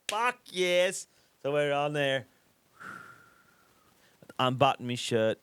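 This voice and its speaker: Animated Australian man telling stories. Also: mid-range voice, slow pace, long pauses, no room sound. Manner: swears constantly, animated, drops into quoted voices. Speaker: podcast host. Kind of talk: casual storytelling chat.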